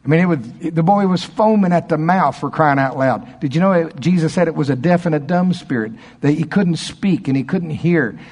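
A man preaching a charismatic sermon, fervent, dropping to low murmurs and rising to excited storytelling. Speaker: pastor.

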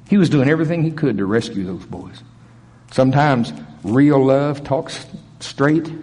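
Animated preacher man in an echoey hall. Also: mid-range voice. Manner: animated, swings from loud to soft. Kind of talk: sermon. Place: church service.

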